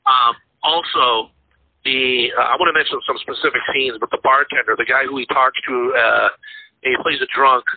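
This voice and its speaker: A man's voice: mid-range voice, steady tone, normal speed, a little hiss or hum. A man co-hosting a casual podcast chat about movies, rambling with lots of fillers and restarts. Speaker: podcast co-host. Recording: tinny phone-like line.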